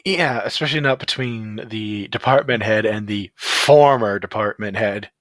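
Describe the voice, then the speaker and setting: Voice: mid-range voice, moderate pace, fairly bright tone, dry recording. A player in a tabletop game who talks in a teasing, playful way. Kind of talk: casual tabletop play.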